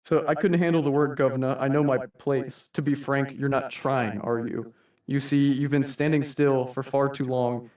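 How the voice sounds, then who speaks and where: A man's voice: mid-range voice, a little mellow, natural voice. A man voicing a theatrical masked anarchist who reads a formal, mock-polite monologue addressing humanity as his staff, recorded in a roomy room from a distant mic.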